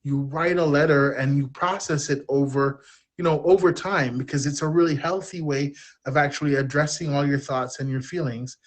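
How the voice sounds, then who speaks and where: A man's voice: fairly high pitch, steady tone, moderate pace. Candid man telling a personal story. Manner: open, self-deprecating, rambling. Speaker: podcast guest.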